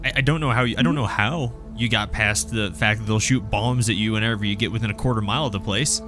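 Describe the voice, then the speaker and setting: A man's voice: lowish voice, fast talker, music in the background, lightly acted. A man voicing a skeptical woman from the crowd who argues against the plan.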